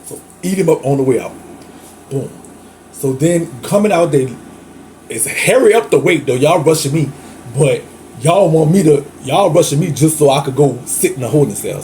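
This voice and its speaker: Warm and on the high side, this male host's voice carries his New Orleans accent through a candid, chatty storytime with slight background noise. The Louisiana native is flamboyant, laughs often, and calls his listeners "girl."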